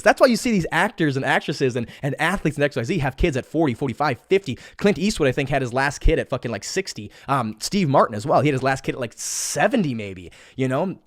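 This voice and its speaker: Fast rambling young man. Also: medium pitch, dry recording, clean studio sound. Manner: rambling, swearing, repeats words and restarts. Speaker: podcast host. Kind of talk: casual solo podcast monologue. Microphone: studio mic.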